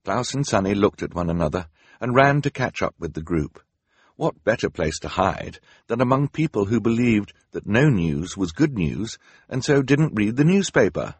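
A man narrating an audiobook in a dry, wry storytelling manner. His voice is husky and fairly low. The recording is close and dead, with no room sound. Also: sing-song, moderate pace, dry recording.

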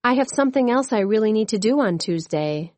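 A woman's voice: a little high, animated, brisk, darkish tone, no echo, natural voice. A woman voicing a worried, hesitant sixth-grade girl in a storybook reading. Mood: uneasy. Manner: hesitant, uneasy.

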